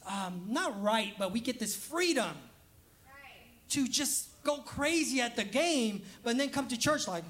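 A man's voice: extremely high pitch, animated, a little slow, a bit bright. A man preaching a casual, humorous sermon as pastor, laughing often and acting out quoted voices.

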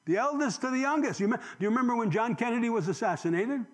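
A man in his sixties preaching a sermon, firing rhetorical questions and swinging from loud emphasis to emotional near-whispers. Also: extremely high pitch, fast. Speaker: pastor.

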